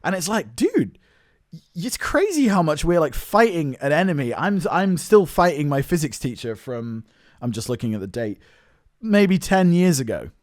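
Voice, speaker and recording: A man in his twenties with a British accent, talking through his struggles as a solo podcast host, earnest and self-questioning, swinging between loud bursts and low mutters. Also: sing-song, normal speed, dry recording, studio quality. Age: 20s. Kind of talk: reflective solo podcast monologue.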